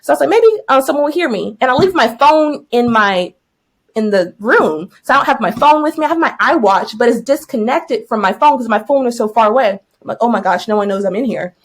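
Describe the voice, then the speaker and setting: A young woman teacher co-hosting a podcast, telling a story in casual chat and acting out her own yelling and thoughts. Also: on the high side, expressive, a little fast. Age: young adult.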